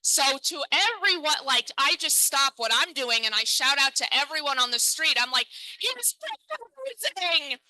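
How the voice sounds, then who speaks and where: A woman in her thirties doing stand-up, with a high voice and a very bright, sharp tone. She is chatty and self-deprecating and keeps talking to the crowd. The sound is close and dry. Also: moderate pace, few pauses, no room sound, poor audio. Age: 30s. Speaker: stand-up comedian. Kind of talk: stand-up comedy set. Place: comedy stage.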